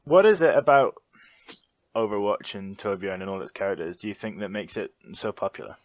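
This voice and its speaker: Friendly low-voiced male interviewer. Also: animated, no room sound. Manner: friendly, laughs along, slightly halting questions. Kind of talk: casual interview questions.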